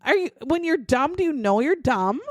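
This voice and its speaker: A woman's voice: sits high, lively intonation, normal speed, dry recording. A woman co-hosting a podcast, retelling a true-crime case in a profane, sarcastic, exasperated way. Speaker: podcast co-host. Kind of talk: casual true-crime storytelling.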